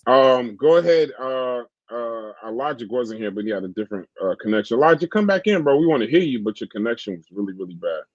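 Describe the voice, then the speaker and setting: A man hosting a live online panel, managing speakers with casual, quick interjections. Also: mid-range voice, animated, dry recording, dull audio. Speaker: host.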